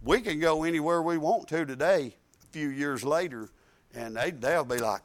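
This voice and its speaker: A man's voice: fairly high pitch, moderate pace. A man preaching a sermon, telling folksy stories and building to emphatic exhortation. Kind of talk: sermon with storytelling.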